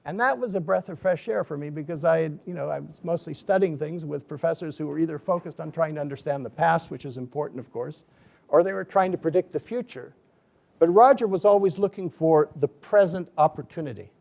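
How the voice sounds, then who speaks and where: A middle-aged man giving a book talk, telling an anecdote in a lively way and acting out the people he quotes. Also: on the high side, brisk, vocal fry. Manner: animated storyteller, acts out quoted voices. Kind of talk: storytelling lecture.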